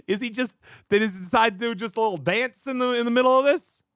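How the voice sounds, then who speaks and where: A man's voice: extremely high pitch, fast, fairly bright tone, clean tone, dry recording, clean studio sound. A man streaming a game, chatting and laughing as he comments. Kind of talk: let's-play commentary.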